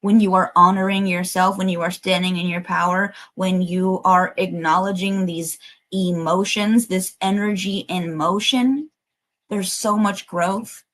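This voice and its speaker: A woman's voice: lowish voice, fairly even intonation, unhurried, a bit bright, poor audio. A woman giving a livestreamed collective tarot reading, emotional and emphatic, urging listeners on and swearing casually. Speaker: tarot reader.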